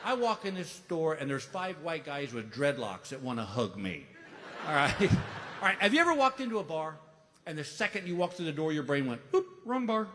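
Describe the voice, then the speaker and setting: A man in his fifties doing stand-up storytelling, animated and exasperated as he acts out the people in his story. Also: fairly high pitch, moderate pace. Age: 50s. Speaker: stand-up comedian. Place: large comedy venue stage. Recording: live hall reverb with noise.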